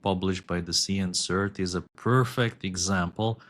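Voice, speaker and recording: Low-voiced man. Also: a bit bright. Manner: measured, many filler ums. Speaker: podcast co-host. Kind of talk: casual chat.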